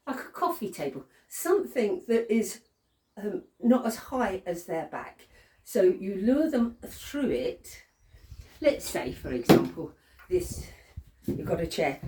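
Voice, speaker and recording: A woman's voice: on the low side, dark tone, a little hiss or hum. A woman dog trainer, casually demonstrating training steps, chatty, laughing often and saying "okay" a lot. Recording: roomy sound from a distant camera mic.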